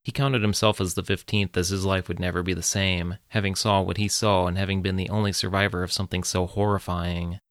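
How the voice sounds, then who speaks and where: Deep-voiced man narrating a story. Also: flat delivery, brisk, hardly any pauses, a bit bright, no room sound, clean studio sound.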